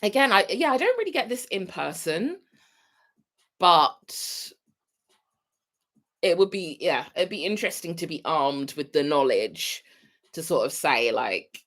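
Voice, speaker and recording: British woman vlogger, chatty and rambling, lively up-and-down voice, casual live stream host. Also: medium pitch, normal speed. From United Kingdom. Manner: chatty, rambling, wanders off topic. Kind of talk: casual chat to viewers.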